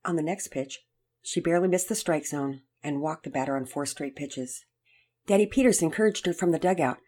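A woman narrating a children's storybook in a measured, gentle read-aloud manner. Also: low voice.

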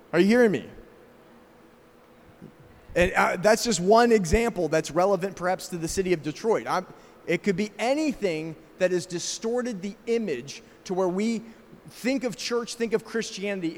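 A man's voice: sits high, big-room sound. A middle-aged man with a slight South African accent preaching a sermon as pastor, emphatic and asking the congregation rhetorical questions. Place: church sanctuary.

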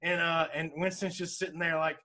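A man co-hosting a casual talk show, retelling a sitcom in a rambling, animated way with bursts of laughter. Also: on the high side, brisk. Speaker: podcast co-host. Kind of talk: casual chat.

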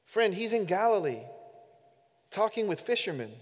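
A man's voice: sits high, sing-song, moderate pace. A man who is a pastor, preaching an earnest, emphatic sermon to his congregation during a church service. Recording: echoey hall with long reverb.

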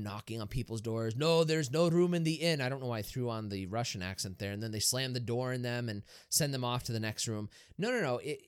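Priest explaining in a dry, close sound. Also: male voice, mid-range voice, dry recording. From Erie, Pennsylvania, US. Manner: explanatory, lively, asks listeners rhetorical questions. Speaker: Catholic priest and podcast co-host. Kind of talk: casual podcast discussion.

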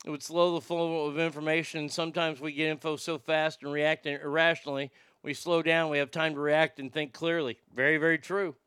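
A man's voice: a little high, flat delivery, fairly quick, fairly bright tone, smooth, dry recording, clean studio sound. A man hosting a talk show, chatting casually in a blunt, sarcastic and profane way. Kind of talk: casual opinionated chat.

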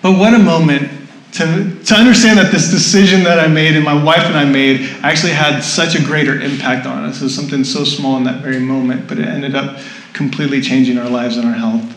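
A man's voice: a little high, fairly even intonation, a little fast, roomy sound, a little hiss or hum, rough recording. A man preaching a sermon, telling a personal story in a chatty way and laughing often. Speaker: pastor. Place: church hall with audience.

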